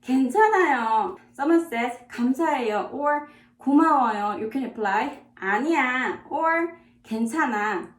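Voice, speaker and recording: Woman, language teacher, beginner lesson, slow repeated phrases, English as a second language, echoey room. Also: high voice, animated. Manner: slow, repeats words for practice.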